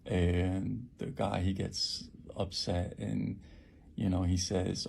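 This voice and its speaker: A man who works at a homeless shelter recounts an attack in a halting personal account, with many fillers and restarts. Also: deep voice, flat delivery, gravelly, a little mellow, slight background noise.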